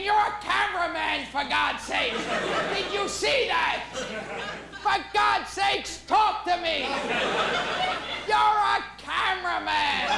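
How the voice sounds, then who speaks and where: A man doing stand-up comedy in a shrill, shouting, abrasive delivery. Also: gravelly, background noise. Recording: live club recording, echoey with crowd laughter. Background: audience laughter.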